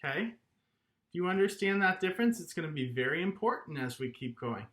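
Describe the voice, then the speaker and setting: Lively man teaching kids music. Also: fairly high pitch, a little fast. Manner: animated, encouraging, chants rhythms and claps along. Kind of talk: online music lesson for young children.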